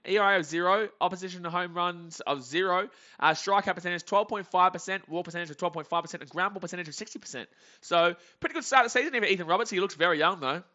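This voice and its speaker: A man hosting a live game reaction stream, chatty and prone to excited shouts. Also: high voice, quick pace, muffled recording. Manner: chatty, reads chat, bursts into excited shouts.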